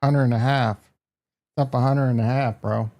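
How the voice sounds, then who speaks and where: Running a casual live market stream, a host with a Midwestern American accent speaks in a mellow, warm voice at an everyday pitch, steady in tone and moderate in pace. He's brash and joking, reacting to tickers and throwing remarks at chat.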